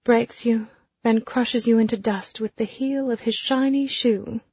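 A woman voicing a cold, spiteful society woman with a delicate voice that stays gentle while she threatens. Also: high-pitched, animated, a little slow, slightly rough, no echo, muffled recording, voice pushed up, full character voice. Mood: menacing. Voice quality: delicate, sweetly menacing.

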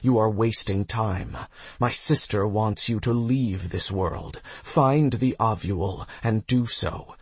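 A man's voice: on the low side, slow, husky, dry recording. A man voicing a feverish, dying elven woman, speaking weakly in pain. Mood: pleading. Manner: whispering, strained. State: in pain, weak.

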